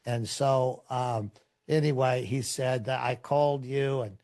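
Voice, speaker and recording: A middle-aged man, a pastor, telling stories in a relaxed, rambling way, with many fillers and restarts. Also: medium pitch, measured pace. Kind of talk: conversational storytelling in a podcast interview.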